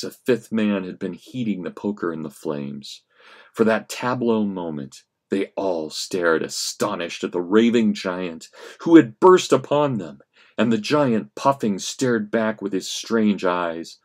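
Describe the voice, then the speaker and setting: Man reading a story with drama. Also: a little slow. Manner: expressive reading, rising for action and dropping low for menace. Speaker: history professor.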